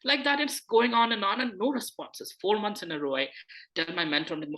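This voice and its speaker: A man's voice: high voice, fairly quick, bright, forceful tone. A man giving a conversational scripture talk, acting out quoted dialogue as he tells a personal story. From India. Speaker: spiritual teacher.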